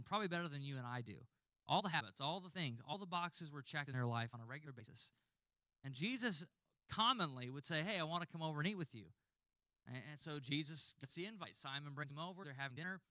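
A man in his thirties, a pastor giving a conversational sermon with animated personal stories. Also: a little high, fast talker.

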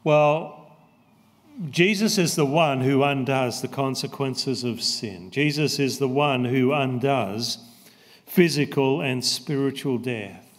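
A man preaching a sermon as pastor, slow and emphatic, repeating his key phrases. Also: mid-range voice. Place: church. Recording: long church reverb.

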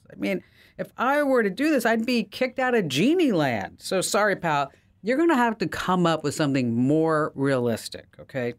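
A woman voicing a booming, exasperated male genie in a joke she tells on a podcast. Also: sing-song, moderate pace. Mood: incredulous. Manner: theatrical and incredulous.

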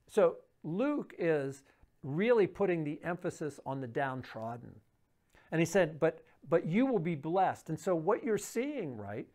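A pastor giving a daily devotional Bible teaching in a conversational way, often pausing and restarting, reading verses aloud and then explaining them. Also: medium pitch, a little mellow. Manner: conversational, with frequent fillers and restarts; reads scripture aloud and explains it.

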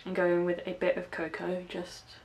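With a lowish, monotone voice marked by vocal fry, she speaks at a moderate pace over a little hiss or hum. She's a young makeup vlogger from England's West Country, lightly accented, casually narrating each tutorial step and slipping in jokes at her own expense.

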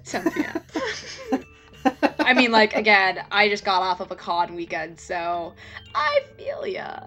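Slow, bright-voiced woman co-commentator. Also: mid-range voice. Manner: laughs often, relaxed reactions. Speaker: let's play co-host. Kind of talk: casual game commentary.

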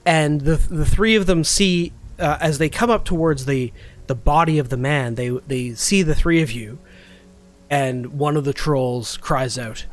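A man's voice: a little high, measured pace. A man narrating as game master of a tabletop game, describing scenes with frequent restarts.

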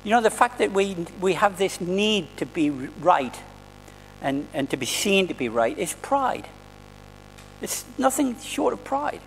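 High, gravelly-voiced male preacher. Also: very animated, measured pace, in a large hall, soft background music, poor audio. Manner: earnest, conversational preaching with restarts. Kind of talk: sermon. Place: church hall.

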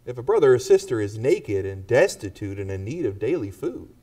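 A man's voice: mid-range voice, very animated, brisk, warm tone, far from the mic. A man preaching a sermon to a congregation and pressing them with pointed rhetorical questions. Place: church.

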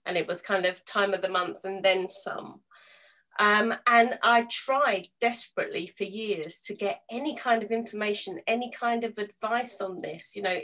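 A British woman from the UK moderating a panel in a chatty, teasing way with quick asides. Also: mid-range voice, fairly bright tone. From United Kingdom. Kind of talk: casual panel chat.

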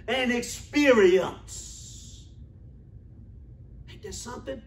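Man preaching, very high voice, emphatic repeating cadence, echoey church room. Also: expressive, slow pace, pauses often, a bit bright. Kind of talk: sermon.

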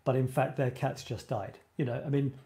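A man's voice: medium pitch, steady tone, moderate pace, warm tone. A man hosting a live writing show, chatting casually in a rambling way, often breaking off mid-sentence and laughing at himself. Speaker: host of a creative writing show. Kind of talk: casual live-stream chat.

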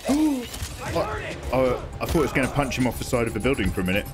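A man's voice: mid-range voice, huge pitch swings, quick pace. A young man streaming a video game with casual commentary, joking and slipping into silly sing-song. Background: game music.

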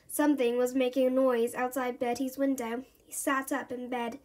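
A woman reading a children's storybook aloud in an animated, expressive way. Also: high-pitched, moderate pace, hardly any pauses. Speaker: storybook reader.

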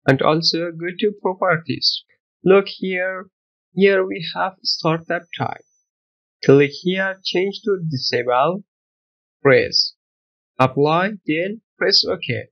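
A man hosting a screen-recorded software tutorial, giving step-by-step instructions in broken, non-native English. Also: sits high, highs cut off. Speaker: tech tutorial host.

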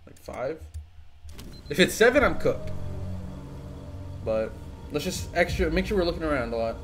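A man's voice: on the high side, very animated, moderate pace, fairly bright tone, faint music behind. Agitated young man ranting, profanity-laden. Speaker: gaming video creator. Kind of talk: profane live-reaction rant.

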